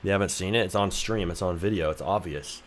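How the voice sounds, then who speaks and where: A man's voice: low-pitched, a little fast, slight background noise. Joking, swearing young man streamer. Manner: joking, swearing, reads chat aloud. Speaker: game developer streamer. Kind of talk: casual livestream chat.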